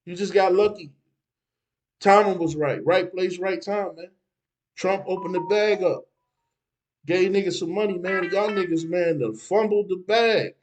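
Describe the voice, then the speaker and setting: A man's voice: high voice, unhurried, a little hiss or hum, low-quality recording. A man giving street advice in a casual, preachy monologue, dropping "man" between phrases.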